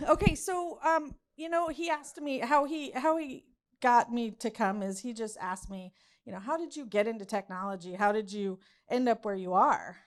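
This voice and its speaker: A woman in her forties giving a chatty, self-deprecating conference talk about her career. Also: medium pitch. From Southern US. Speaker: conference speaker.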